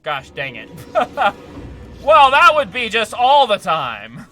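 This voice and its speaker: A man's voice: sits high, huge pitch swings, unhurried, pushed and bright, faint music behind. A man giving chatty, upbeat live commentary while playing a video game, often laughing and talking to his chat. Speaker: streamer.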